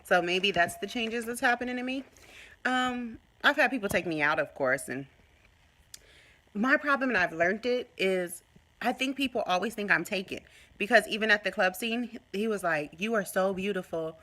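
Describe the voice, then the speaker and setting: A woman vlogging casually to her phone, telling a story in an animated way and acting out what people said. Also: mid-range voice, moderate pace. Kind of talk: casual chat to camera.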